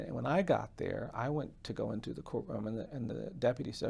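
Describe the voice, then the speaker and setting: Gravelly, husky man telling a story. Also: medium pitch, fairly even intonation, darkish tone. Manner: measured, earnest storytelling. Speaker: guest, defense attorney. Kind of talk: storytelling in an interview.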